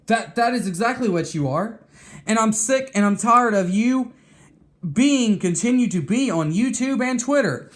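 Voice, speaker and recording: High-voiced man in a profane, heated rant. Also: expressive, normal speed. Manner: heated, profane, repeats and restarts words. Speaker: vlogger. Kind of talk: angry rant to camera.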